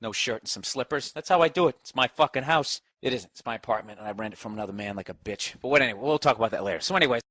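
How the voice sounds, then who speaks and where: A man's voice: mid-range voice, very fast, hardly any pauses, a bit bright, no echo. A man with a Boston accent ranting casually and sarcastically on his podcast, swearing often and talking to his dog. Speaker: comedian podcast host. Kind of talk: casual rambling rant. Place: home office.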